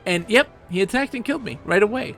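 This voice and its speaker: A man's voice: high-pitched, lively intonation, quick pace, creaky, a bit bright, soft background music. A young man streaming a game, chatting enthusiastically and rambling with frequent laughs. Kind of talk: casual live-stream game commentary.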